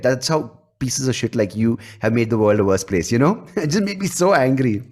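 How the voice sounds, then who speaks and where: A man's voice: medium pitch, lively intonation, moderate pace, few pauses, a little mellow. A man hosting a podcast, talking bluntly and animatedly, swearing freely. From India. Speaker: podcast host. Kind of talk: casual interview chat.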